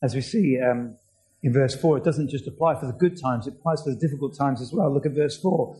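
A man's voice: mid-range voice, brisk, dark tone, low-quality recording. A man preaching a sermon, earnest and asking his listeners many questions.

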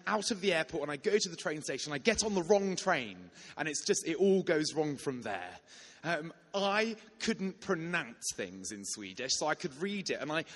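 A young man in his twenties preaching a sermon built around a personal story, told with animated energy and many restarts. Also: a little high, big-room sound.

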